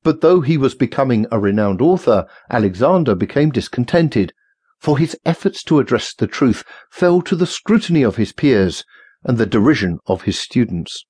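A man with a husky voice reading a novel aloud in a measured, formal storytelling manner. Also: mid-range voice, a little mellow, no room sound, clean studio sound. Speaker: audiobook narrator. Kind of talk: scripted narration.

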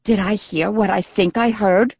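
A stubborn, possessive older woman from a children's story, voiced by a woman narrator. She speaks slowly and firmly, on a muffled, dry recording. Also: mid-range voice, steady tone, husky, no room sound. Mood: amazed.

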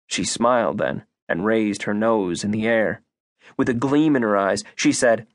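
A man narrating a first-person audiobook in an expressive, measured voice. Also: on the low side, dry recording, clean studio sound.

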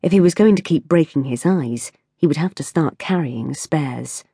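A woman narrating an audiobook in a measured, even storytelling manner on a close studio mic. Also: sits low, slightly rough, no room sound. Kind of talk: scripted narration.

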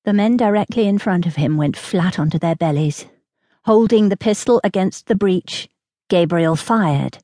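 The narrator is a woman whose voice sits on the low side, telling a historical romance in a steady, measured way. It's a close studio recording, free of echo.

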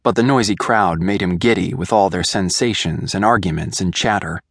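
A man narrating a young-adult fantasy audiobook in a measured, deliberate way. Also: deep voice, dry recording, clean studio sound. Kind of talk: scripted narration.

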